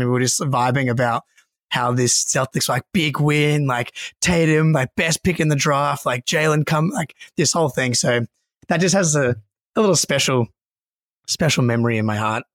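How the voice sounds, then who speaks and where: A man's voice: medium pitch, normal speed, a bit bright, no room sound. A man co-hosting a sports podcast, telling rambling stories in casual chat with frequent laughter. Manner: rambling storyteller, laughs often. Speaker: podcast co-host.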